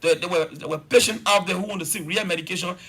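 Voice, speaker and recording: A man's voice: sits high, fast, pushed and bright, slightly rough. A man with a Liberian accent, a government official making an emphatic, repetitive political argument as a talk-show guest.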